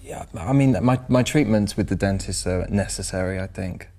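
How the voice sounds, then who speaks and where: A man chatting casually as a guest volunteer in a TV studio kitchen, hesitant and filling pauses with ums. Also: low voice, warm tone. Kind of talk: casual on-air chat.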